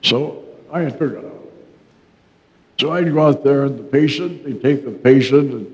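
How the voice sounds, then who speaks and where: A man's voice: medium pitch, normal speed, a little mellow. An older man telling rambling local history anecdotes at a library talk, folksy and chuckling, with many restarts. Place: library meeting room. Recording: roomy reverb, dull lo-fi sound.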